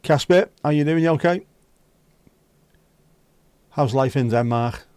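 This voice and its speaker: A man's voice: fairly high pitch, unhurried, darkish tone, clear, resonant tone, dry recording. A man with a Liverpool accent hosting a casual livestream, greeting viewers by name, bantering and grumbling at his own setup. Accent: Liverpool (Scouse). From Liverpool, England. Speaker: livestream host. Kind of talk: casual live-stream chat.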